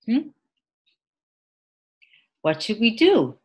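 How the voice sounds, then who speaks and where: A woman's voice: a little high, very animated, extremely slow, dull audio. A woman teaching an online English class, speaking patiently, repeating words and adding short Mandarin glosses. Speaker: ESL teacher. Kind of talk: online class lesson with screen sharing.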